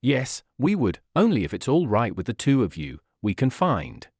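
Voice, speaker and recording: A man's voice: mid-range voice, wildly swooping pitch, normal speed, a little mellow, breathy edge, no room sound, clean studio sound. A man reading a story aloud, voicing a hesitant, tearful young adult daughter. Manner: hesitant, trembling.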